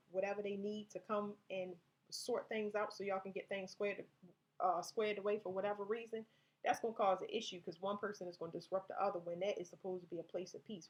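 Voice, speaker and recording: A tarot reader with a mid-range voice gives a casual, conversational reading, speaking directly to her viewers, reading card text aloud, and often restarting her sentences. The recording is muffled.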